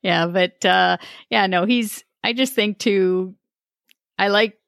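A woman's voice: medium pitch, takes it slowly, creaky, a bit bright, no echo, clean studio sound. A woman co-hosting a podcast in casual sports chat, talkative and laughing often, with many restarts. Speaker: podcast co-host.

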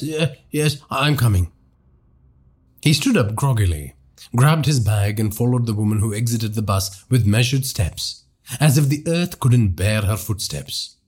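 A man narrating a horror story for a podcast in a hushed, dramatic storytelling manner. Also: fairly low pitch, slightly rough.

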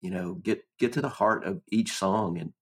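A man speaks in a calm, earnest way as he shares his closing advice on songwriting. His voice is very low and has a husky grain to it. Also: moderate pace. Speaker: podcast co-host. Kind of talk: casual reflective advice.

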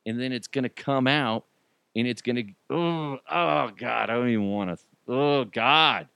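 A man's voice: mid-range voice, unhurried, gravelly, clear, resonant tone, no room sound. Joking podcast host, a man. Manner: animated, jokey, mock outrage with silly put-on voices. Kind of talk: comedic podcast commentary.

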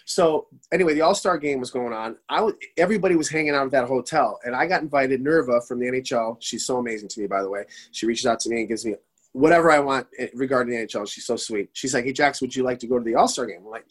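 A man in his forties telling stories excitedly in a casual podcast chat, rambling with many restarts. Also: medium pitch, fast. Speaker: podcast guest. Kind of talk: casual storytelling.

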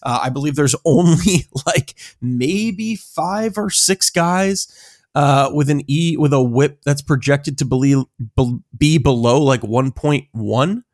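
A man's voice: fairly high pitch, slow pace, darkish tone, no room sound, clean studio sound. A man co-hosting a casual podcast, rambling with many fillers and laughing easily. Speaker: podcast co-host.

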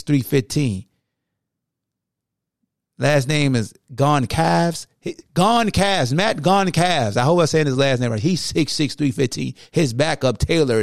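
A man hosting a sports podcast, talking through a football game preview in a casual, animated, slangy way, like a coach firing up his defense. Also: on the high side, gravelly, no echo, studio quality. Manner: animated, slangy, coaching-style trash talk.

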